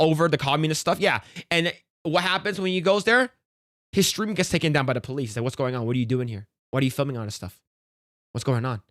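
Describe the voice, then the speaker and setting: A man's voice: a little high, fairly bright tone, dry recording, studio quality. Blunt, profane man ranting on stream. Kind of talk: casual reaction stream commentary.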